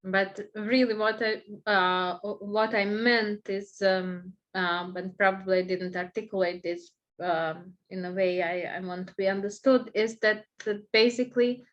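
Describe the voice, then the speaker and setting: A woman's voice: mid-range voice, fairly even intonation, a little slow, hardly any pauses, muffled recording. A woman in a group call, hesitant, restarting sentences to explain what she meant. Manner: hesitant, many ums and restarts. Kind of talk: casual group call talk.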